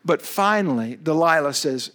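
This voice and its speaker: A male pastor preaching a sermon in an animated storytelling way, with emphatic asides to his listeners. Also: fairly high pitch, moderate pace.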